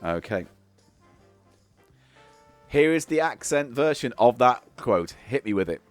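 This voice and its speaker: A man's voice: mid-range voice, big pitch swings, no room sound, soft background music. A male co-host of a comedy podcast whose voice swings up and down a lot. He teases, gives orders and laughs at his partner throughout the banter. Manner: teasing, bossy, quick to laugh.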